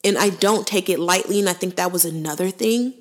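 A woman's voice: on the low side, brisk. Earnest young woman podcaster. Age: 20s. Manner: earnest, conversational, preacherly asides. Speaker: podcast host. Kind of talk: faith-based podcast monologue.

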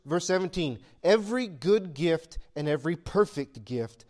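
A pastor preaches a sermon in a conversational style that builds to emphatic peaks. His voice is fairly high and a little mellow, with lively intonation at a normal speed.

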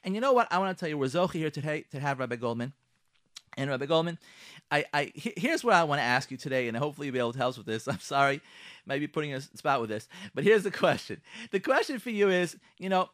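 A high-pitched man hosts a radio talk show, acting out household arguments in voices that swing up and down. His sound is dry and close, with no room around it. He drops Hebrew and Yiddish terms into his talk. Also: quick pace, no room sound. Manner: lively, acts out both sides of quarrels in shifting voices. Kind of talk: animated radio talk with acted scenarios.

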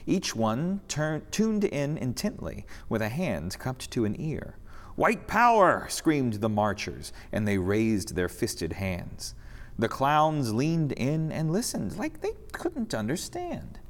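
A man reading a rhyming story aloud during a church service, expressive and sing-song, in a reverberant sanctuary. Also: medium pitch, takes it slowly.

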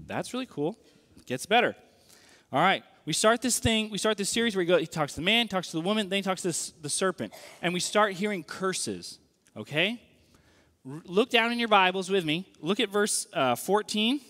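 A man with a high voice delivers a casual, animated sermon, firing rhetorical questions at his congregation. The sound rings with a long reverb from the church hall. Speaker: pastor.

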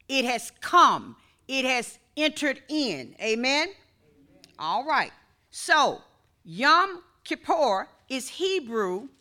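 A woman's voice: high voice, pushed and bright. A woman pastor preaching a sermon, praying aloud and then teaching with call-and-response to the congregation.

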